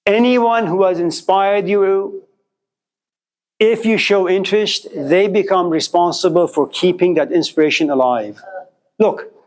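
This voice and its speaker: A middle-aged man lecturing a class, animated and questioning, telling stories to make his points. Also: high voice, unhurried, low-quality recording. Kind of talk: classroom lecture with student exchanges.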